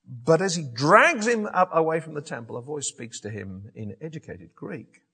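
A man preaching a sermon, telling a Bible story in an animated way with frequent restarts and self-corrections. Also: a little high, moderate pace, husky.

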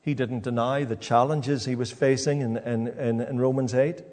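Male preacher giving a sermon, stop-start delivery with repeated words, mellow tone. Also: medium pitch, fairly even intonation, big-room sound. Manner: halting, repeats words as he goes. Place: church.

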